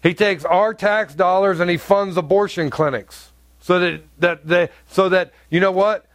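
Male pastor, high voice, emphatic sermon, big swings in pitch and loudness, dry close sound. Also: fairly even intonation, unhurried, dry recording. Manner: emphatic preaching with wide swings in pitch and volume.

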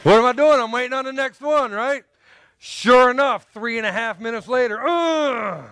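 A man with a high, smooth and resonant voice preaching a sermon in a dry, close sound. He tells personal stories in an animated way, acts out the people in them and jokes with the congregation. He sounds middle-aged. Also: fairly quick, no echo. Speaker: pastor.

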